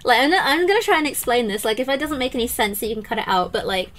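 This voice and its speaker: A woman hosting a podcast, chatting casually and animatedly, often mimicking others. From English-speaking country. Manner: animated, quick to mimic others in high voices. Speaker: podcast host.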